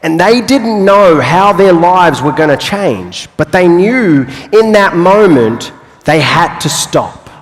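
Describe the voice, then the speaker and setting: A young man giving a motivational talk on stage, telling his life story with long pauses and playful asides. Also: high-pitched, expressive. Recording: live hall with long reverb.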